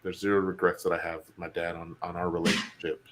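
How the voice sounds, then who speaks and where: Co-host, middle-aged man, lowish voice, heartfelt and rambling. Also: monotone, quick pace, noisy background. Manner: earnest, emotional storytelling with many fillers. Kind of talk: casual chat.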